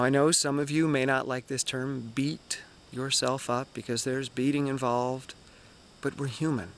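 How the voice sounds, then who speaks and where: Casting: man, 40s, energetic and candid vlog host, woods setting. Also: medium pitch, creaky, slight background noise. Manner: energetic, candid self-talk. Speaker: running vlogger. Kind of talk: motivational vlog monologue. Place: outdoors in the woods.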